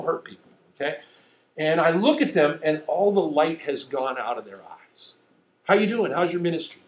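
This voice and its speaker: A man's voice: a little high, a little hiss or hum. Storytelling preacher man in an echoey hall. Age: middle-aged. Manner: storytelling, animated and self-mocking. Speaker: pastor. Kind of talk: sermon.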